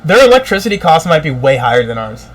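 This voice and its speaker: Talking fast in a slightly high voice, this American podcast co-host launches into profane, lively rants, mimicking people with sneering fake quotes. The recording quality is low.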